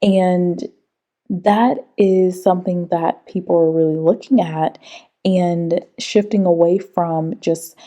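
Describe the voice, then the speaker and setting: A woman hosting a commentary video, talking through clips in a measured, reasoning way with some hesitations. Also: lowish voice, fairly even intonation, warm tone. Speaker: commentary host. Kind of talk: casual commentary.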